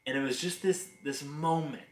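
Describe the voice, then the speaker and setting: A man's voice: fairly high pitch, moderate pace. Man in his thirties in a roomy space. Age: 30s. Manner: conversational, earnest, animated in anecdotes. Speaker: business executive sharing career lessons. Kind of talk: reflective personal storytelling and advice. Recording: roomy echo.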